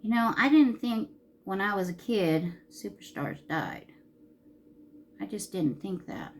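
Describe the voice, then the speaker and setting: A woman's voice: mid-range voice, expressive, unhurried, slight background noise. A woman in her fifties chatting casually while doing her makeup, rambling through stories and chuckling often. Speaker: beauty vlogger.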